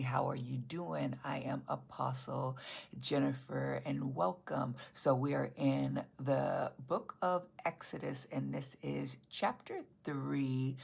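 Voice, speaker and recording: Low gravelly woman preaching. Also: a little mellow. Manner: earnest, emphatic preaching with repeated phrases. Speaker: pastor. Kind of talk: sermon.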